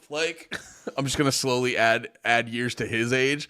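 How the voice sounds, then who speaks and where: A man's voice: medium pitch, fairly even intonation, normal speed, pushed and bright, smooth. A man streaming casual reaction commentary, exasperated and profane, rambling with lots of fillers.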